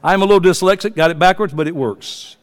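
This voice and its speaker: Male pastor, 50s, high-pitched, passionate pulpit delivery, church-hall reverb. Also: quick pace. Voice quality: passionate, swings from soft to shouting. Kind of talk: fiery sermon. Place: church sanctuary.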